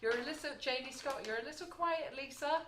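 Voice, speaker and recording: A woman hosting a live baking stream from her shop kitchen, loud and chatty, reading out viewer comments. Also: high voice, brisk, echoey room, slight background noise. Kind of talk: casual live-stream chat.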